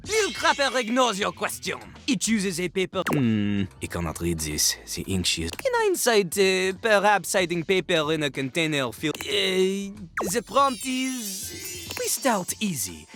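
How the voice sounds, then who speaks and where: A man's voice: high voice, wildly swooping pitch, a little slow, few pauses, fairly bright tone, faint music behind, heavily acted. An actor voicing a cocky male rapping toilet with a French accent, who lectures fussily and breaks into sing-song rap in a video game. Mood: fussy.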